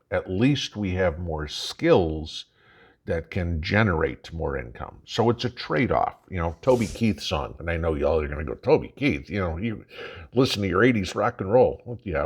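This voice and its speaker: A man's voice: a bass voice, slightly rough. Folksy older man with a Chicago accent. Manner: folksy and chatty, keeps checking in with "okay?" and "all right?". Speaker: prepping channel host. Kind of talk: casual talking-head monologue.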